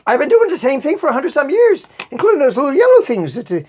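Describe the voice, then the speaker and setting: A gruff, patient old Easter Bunny, as a woman puts him on in a told joke. The voice sits low and drawls each question out slowly. The pitch swings widely. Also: sing-song, darkish tone. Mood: weary.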